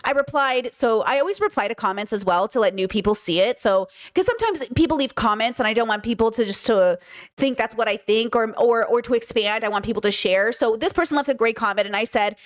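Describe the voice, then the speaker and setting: Woman streamer w a slightly high voice, reading chat comments and going off on them, emphatic, lots of "like" and "you know". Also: fast. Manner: emphatic, animated, many fillers like "you know what I mean". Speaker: podcast host.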